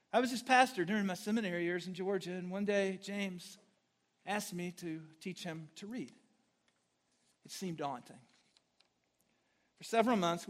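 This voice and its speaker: A man pastor preaching a sermon, telling a story dramatically and swinging from hushed words to loud, blunt exclamations. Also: high-pitched. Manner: conversational, blunt.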